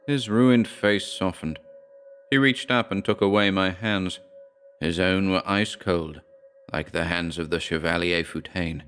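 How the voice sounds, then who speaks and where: A man with a very deep voice reads a horror tale in a measured, dramatic way. Faint music runs under his narration. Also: fairly bright tone, smooth. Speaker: audiobook narrator.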